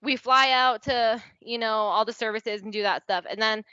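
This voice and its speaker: A woman's voice: fairly high pitch, moderate pace, pushed and bright, no room sound. A young adult woman telling a personal story as a guest on a casual podcast. She talks candidly, fills her sentences with "like", swears freely and acts out what people said. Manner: chatty and candid, peppers speech with "like" and swearing, acts out quoted dialogue. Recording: dry, slightly dull podcast audio.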